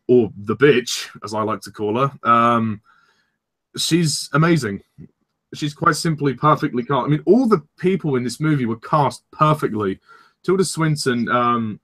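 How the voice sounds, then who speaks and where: A man's voice: mid-range voice, bright, forceful tone. A young man chatting casually as co-host of a film discussion, rambling and enthusiastic, with frank swearing.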